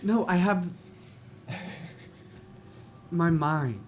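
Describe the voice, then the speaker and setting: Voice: mid-range voice, expressive, drawn-out words, a little hiss or hum. A player talking earnestly in character at a tabletop game, laughing now and then. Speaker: player voicing her character. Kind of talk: in-character tabletop role-play.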